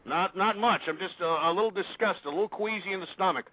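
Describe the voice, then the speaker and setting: Guy with a high voice doing angry talk radio rants, dry close sound, kinda dull lo-fi. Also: quick pace, dry recording. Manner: abrasive, insulting, swearing rants. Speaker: call-in radio show host.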